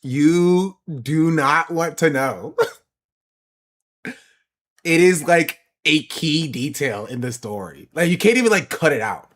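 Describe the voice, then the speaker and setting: A man's voice: a little high, expressive, takes it slowly, fairly bright tone. A man streaming live, chatting casually and answering his viewers' questions. He laughs often and repeats phrases for emphasis. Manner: answers chat questions aloud.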